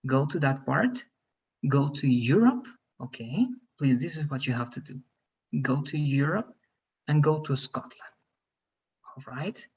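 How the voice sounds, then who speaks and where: Man, teacher, slightly high voice, husky, dull lo-fi call audio. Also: expressive, measured pace, pauses often. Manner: repetitive, checks in with "all right?". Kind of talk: online class instructions.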